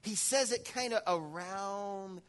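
A man preaching a sermon in a church, animated, swinging between loud passages and hushed ones. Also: high-pitched, takes it slowly. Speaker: pastor.

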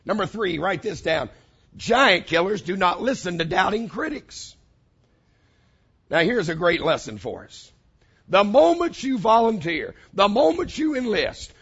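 Man, pastor, sermon, high lively voice, husky, muffled lo-fi recording. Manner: animated preaching with dramatic pauses and vivid quoted voices.

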